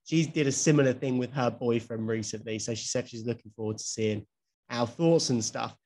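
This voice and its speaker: Man, podcast co-host, casual chat, middle pitch, laughs easily. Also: fairly quick, darkish tone.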